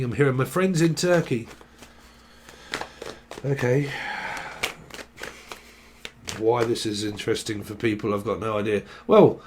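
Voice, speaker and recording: A man's voice: medium pitch, a little hiss or hum. A man giving a casual, rambling tarot reading, full of slang and little acted-out chats. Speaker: tarot reader.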